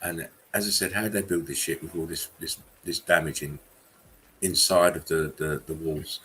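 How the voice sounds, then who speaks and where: A man hosting a casual live-stream chat, often bursting into high laughter. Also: fairly even intonation, normal speed, fairly bright tone, slight background noise. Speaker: channel host.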